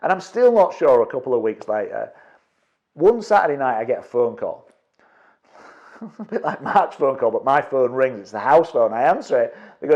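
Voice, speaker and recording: A middle-aged property investment trainer tells an audience a story, acting out his own quotes and restarting quickly. His medium-pitched, expressive voice has a darkish tone, and the sound is lo-fi.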